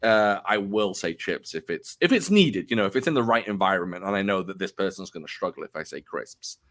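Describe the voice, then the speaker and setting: British man with a lively, lowish voice. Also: fairly quick. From United Kingdom. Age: 40s. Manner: chatty, self-deprecating, hesitant restarts. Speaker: podcast host. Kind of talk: casual interview chat.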